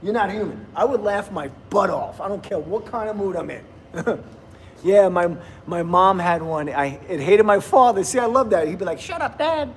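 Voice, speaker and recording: A man's voice: sits high, moderate pace, slight background noise. Chatty New man livestreaming. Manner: chatty, laughs often, reads viewer comments aloud. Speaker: livestream host. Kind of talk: casual livestream chat with viewers.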